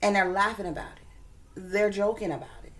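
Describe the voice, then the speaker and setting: A woman's voice: mid-range voice, fairly even intonation, a little fast, fairly bright tone. Indignant woman repeating herself for emphasis. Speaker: reaction video host. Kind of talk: reaction commentary.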